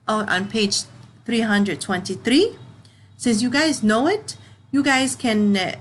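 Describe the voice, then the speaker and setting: A woman's voice: medium pitch, fairly bright tone, slight background noise, poor audio. A woman teaching a children's grammar lesson, patient, reading example sentences and checking in with okay.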